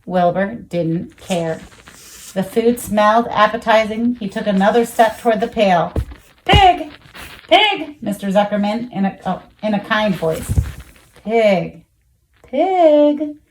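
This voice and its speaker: A woman reading a children's storybook aloud, expressive, jumping high for the animal voices. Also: normal speed, a little hiss or hum, low-quality recording. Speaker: children's book reader.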